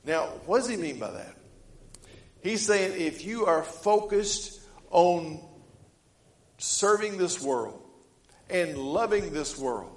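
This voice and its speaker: A man preaching a sermon, reading scripture and swinging between loud emphatic lines and quiet ones. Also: animated, slow, pauses often, echoey room. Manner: rises to loud emphatic preaching, then drops low; reads scripture aloud in old-fashioned wording. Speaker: pastor.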